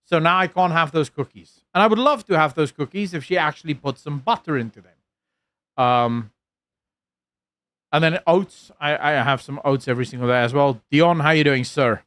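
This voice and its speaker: A South African man reads his chat aloud on a casual live stream, his accent leaning American and his voice a touch high and fairly bright. He talks at a moderate pace and rambles in a loose, self-mocking way, with lots of ums and restarts. The recording has no echo.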